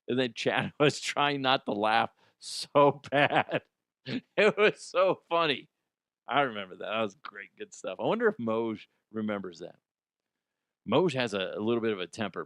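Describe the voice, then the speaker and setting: A man's voice: mid-range voice, fairly bright tone, clear, resonant tone, no room sound, studio quality. A middle-aged man hosting a casual sports podcast, joking and swearing freely and laughing often. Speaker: podcast host. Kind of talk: casual solo sports chat.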